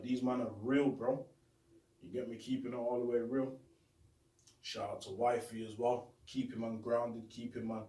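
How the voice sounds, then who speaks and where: A young male show host gives a casual, heartfelt shout-out monologue full of street slang, repeating himself a lot. It's recorded on a phone camera in a roomy bedroom, with him set back from the mic, his voice medium-pitched and dark.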